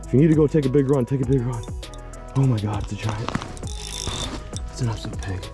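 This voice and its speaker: A young man filming an excited ice-fishing vlog outdoors on a frozen lake, repeating his exclamations as he lands a fish. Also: medium pitch, brisk, pauses often, music in the background. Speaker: fishing vlogger.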